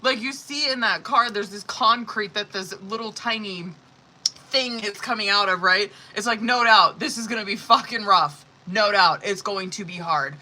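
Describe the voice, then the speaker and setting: Very bright, profane woman reading tarot. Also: medium pitch, moderate pace, a little hiss or hum, low-quality recording. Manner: casual, profane, rambling with many fillers; emphatic and exasperated asides. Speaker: tarot reader. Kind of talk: live-streamed tarot reading.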